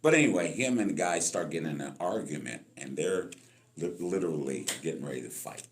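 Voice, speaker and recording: This Los Angeles musician in his sixties speaks in a very deep, expressive voice at a slightly quick clip. He's a guest on an interview podcast, spinning stories and imitating the people he quotes.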